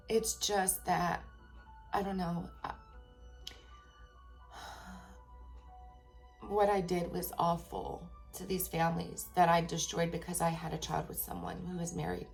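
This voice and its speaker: A woman's voice: on the low side, vocal fry. A woman in her thirties or forties telling a personal story to camera in a candid, rambling way, repeating herself and swearing casually. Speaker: tarot vlogger.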